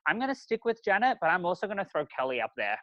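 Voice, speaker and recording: A man's voice: high-pitched, big pitch swings, fast, no room sound. A man co-hosting a podcast, chatting casually with lots of ums and restarts. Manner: chatty, many ums and restarts, warmly encouraging. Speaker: podcast co-host. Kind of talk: casual chat recapping a reality show. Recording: dry, slightly muffled sound.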